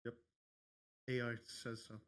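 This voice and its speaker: A man co-hosts a casual podcast, answering in a dry, laid-back way. He teases his co-host and rarely raises his voice. His pitch sits in the middle for a man. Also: monotone, a little slow, a bit bright, clean tone. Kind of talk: casual chat.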